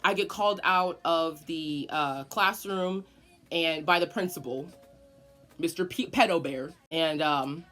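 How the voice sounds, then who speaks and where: A young woman telling a personal story in a casual vlog, animated and swearing often. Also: low voice, measured pace, soft background music. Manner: animated, profane, dramatic storyteller. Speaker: vlogger.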